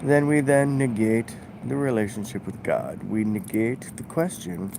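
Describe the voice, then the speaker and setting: A man vlogging a halting, musing spiritual monologue, full of fillers. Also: mid-range voice, expressive, vocal fry. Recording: outdoor traffic noise.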